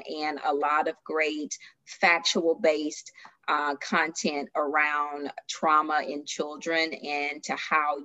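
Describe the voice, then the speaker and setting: Woman yoga teacher, low monotone, hesitant, heard over lo-fi audio. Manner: earnest, hesitant with many fillers. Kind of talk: interview answer.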